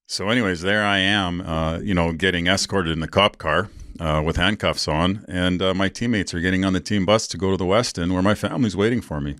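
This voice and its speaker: A man's voice: sits low, fairly quick, a bit bright, no echo, studio quality. A man in his forties hosting a podcast, telling stories in a casual, rambling, candid way, with fillers and swearing. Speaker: podcast host. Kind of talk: casual storytelling monologue.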